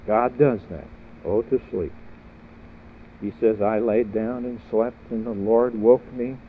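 A man preaching an earnest sermon at a slow, deliberate pace, now and then climbing to emphatic peaks. The sound is thin and phone-like, with a faint hiss underneath. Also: lowish voice, fairly even intonation. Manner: earnest, rising to emphatic peaks with repeated questions. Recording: tinny phone-like audio with faint noise.

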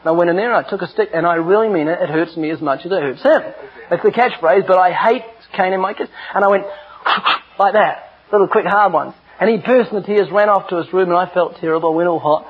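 A man's voice: sits high, fairly quick, breathy edge. A middle-aged man preaching an earnest, emphatic sermon with personal stories. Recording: dull lo-fi recording.

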